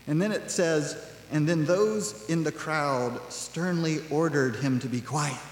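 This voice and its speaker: A male pastor preaching a sermon in a relaxed, conversational way, full of asides. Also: fairly high pitch, unhurried, slight background noise. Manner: conversational, animated, acts out quoted voices with laughs. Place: church sanctuary. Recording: echoey church hall.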